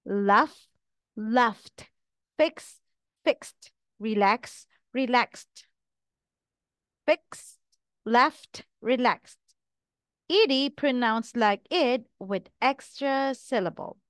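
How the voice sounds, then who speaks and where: A woman teaching English pronunciation, reading out verb pairs in a slow, deliberate drill with each word carefully enunciated. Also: on the high side, a bit bright, clean tone, no echo, clean studio sound.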